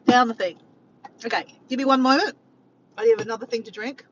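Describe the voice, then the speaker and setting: A woman's voice: on the high side, steady tone, brisk, muffled recording, a little hiss or hum. An Australian woman chatting casually with her viewers while driving, filmed on a phone. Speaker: vlogger. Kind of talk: casual chat to a live chat. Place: in a car. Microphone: phone camera.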